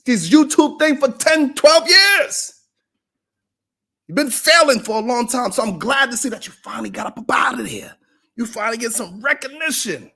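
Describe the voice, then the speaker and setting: A man hosting a podcast, delivering a mocking roast monologue that swings from loud shouts to low mutters. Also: gravelly, breathy edge. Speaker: podcast host.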